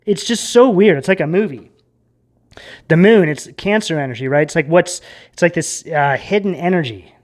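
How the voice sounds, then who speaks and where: A tarot reader giving a casual, rambling reading to camera, full of fillers and tag questions, sometimes dropping to a hushed mutter. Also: mid-range voice, normal speed.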